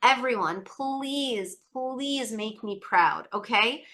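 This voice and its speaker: A woman tutor leading an online test-prep webinar, coaxing students with encouraging, repetitive questions and quick asides. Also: a little high, lively intonation, a bit bright. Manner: rapid asides, many fillers.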